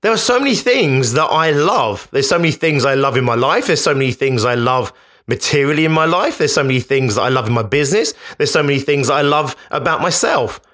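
A man's voice: medium pitch, lively intonation, brisk, fairly bright tone. A man hosting a podcast, speaking in an emphatic, conversational motivational monologue that often repeats itself. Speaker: podcast host.

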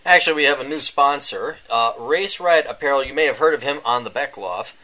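A man hosting a casual solo podcast, rambling and sarcastic, often mocking other people in a high voice. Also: brisk, sharp tone. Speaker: podcast host. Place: indoors during a power outage.

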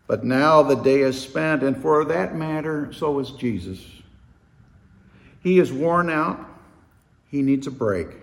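A man preaching a sermon, retelling a story slowly and dramatically, his voice swelling and dropping for effect. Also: medium pitch, in a large hall.

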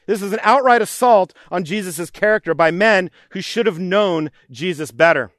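High-voiced earnest male preacher. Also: moderate pace, hardly any pauses, fairly bright tone, dry recording, clean studio sound. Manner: earnest, repetitive preaching cadence, voicing pleading prayers. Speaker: pastor. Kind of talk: sermon.

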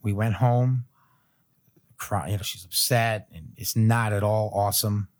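A man's voice: lowish voice, measured pace. Chatty man telling a story, chuckling. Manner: animated storyteller, chuckling between phrases; loose filler-heavy phrasing. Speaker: podcast guest. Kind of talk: casual storytelling chat.

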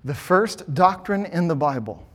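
Man, pastor, sermon, emphatic, rhetorical questions, higher-pitched voice. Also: lively intonation, unhurried, slightly rough.

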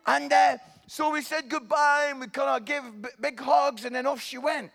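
A middle-aged Scottish man preaching with a notably high voice. He tells his story with comic timing, dropping to a hush and then rising almost to a shout. His delivery stays conversational and animated throughout. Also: normal speed, creaky. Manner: animated, swinging from hushed to near-shouting. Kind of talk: humorous sermon storytelling.

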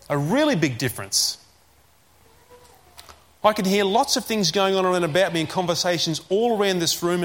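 A man preaching a sermon, repeating key phrases and slowing down to stress commands. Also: sits high.

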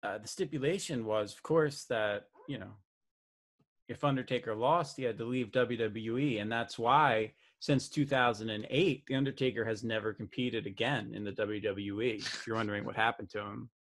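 A man's voice: fairly low pitch, moderate pace, fairly bright tone. A man from the United States co-hosting a podcast in casual chat, rambling, joking and correcting himself as he goes. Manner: rambling, self-correcting, jokey. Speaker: podcast co-host.

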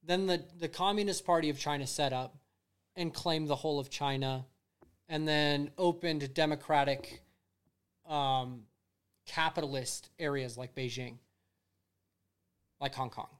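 A man's voice: on the high side, steady tone, unhurried, pauses often, clean tone. A man co-hosting a casual podcast, ranting and swearing a lot as he talks. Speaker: podcast co-host. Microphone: streamed podcast mic.

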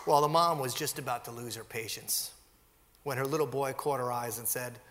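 A male pastor preaching a sermon, telling stories and acting out quoted lines with lively energy. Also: medium pitch, normal speed. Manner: animated storytelling, acts out quotes. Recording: long hall reverb.

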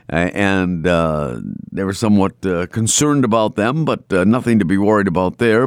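A man's voice: lowish voice, no room sound, studio quality. A man with a Boston accent hosting a morning talk radio show, rambling casually with lots of fillers and restarts. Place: radio studio. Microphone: studio microphone.

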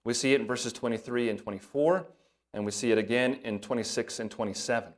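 A man preaching from the pulpit, working steadily through a passage of scripture. He reads the verses with lifted emphasis and drops to a softer, lower voice for brief asides. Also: a little fast. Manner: breaks into soft asides in a lower voice. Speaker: pastor. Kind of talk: sermon.

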